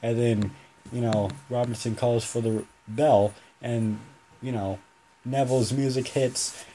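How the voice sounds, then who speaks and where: A man's voice: medium pitch, fairly even intonation, measured pace, dark tone, a little hiss or hum. A young man hosting a solo podcast, talking casually and rambling, often correcting himself mid-sentence. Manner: rambling, self-correcting, chatty. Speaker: podcast host.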